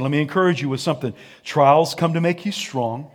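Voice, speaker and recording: A high-pitched man preaching a sermon. He calls on the congregation to repeat his words back to him. He drops to a hush, then rises to shouting. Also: a little fast. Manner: preaching with call-and-response, swinging from hushed to shouting; sings and hums snatches of a song. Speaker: pastor.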